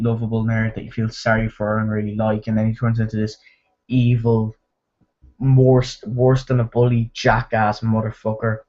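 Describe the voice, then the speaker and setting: A man's voice: medium pitch, muffled recording. A man giving a casual spoken movie review, rambling with lots of fillers and restarts. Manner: rambling, filler-heavy, with restarts and mimicked quotes.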